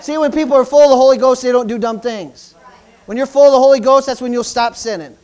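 Fervent high-voiced male preacher. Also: fast talker, a little mellow, smooth, a faint crowd. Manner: preaching fervently, frequent hallelujahs, repeats words. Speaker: pastor. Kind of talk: sermon. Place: church.

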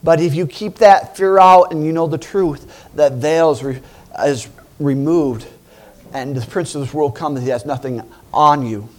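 Animated male preacher, laughing as he goes. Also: on the high side, a little slow. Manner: animated, laughing, acting out voices. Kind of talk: lively sermon.

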